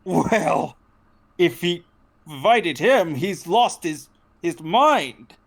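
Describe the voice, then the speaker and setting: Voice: medium pitch, expressive, very slow, gravelly, exaggerated voice. A game master voicing a haughty, weary male cartoon figure made of bread. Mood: scornful. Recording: faint background noise.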